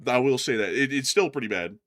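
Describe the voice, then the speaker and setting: A man's voice: medium pitch, expressive, a little fast, fairly bright tone. A man co-hosting a live stream, answering viewer questions in a casual, conversational way with frequent fillers and restarts. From United States.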